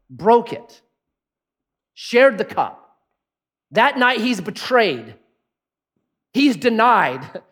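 A pastor delivering a sermon in a conversational, animated way, often asking the congregation questions. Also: male voice, high voice.

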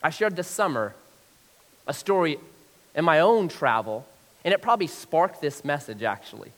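A middle-aged male pastor preaching a sermon, telling a story and acting out his own past voice with lively swings. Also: a little high, moderate pace, long reverb tail.

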